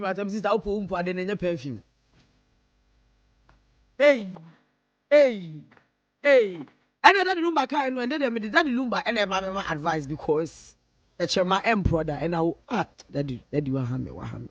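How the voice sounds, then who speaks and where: A woman's voice: mid-range voice, lively intonation, a little slow, pauses often, dry recording, lo-fi sound. A woman radio host with a Ghanaian accent, chatting casually and playfully mimicking her friends' voices. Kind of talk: casual radio talk mixing English and Twi. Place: radio studio.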